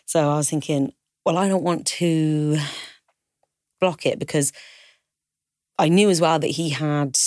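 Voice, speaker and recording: A woman's voice: low voice, measured pace, long pauses, darkish tone, dry recording, clean studio sound. A woman telling a personal story on a podcast, often breaking into the voices of the people in it and laughing nervously. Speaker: podcast co-host telling her own story. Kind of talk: candid conversational storytelling.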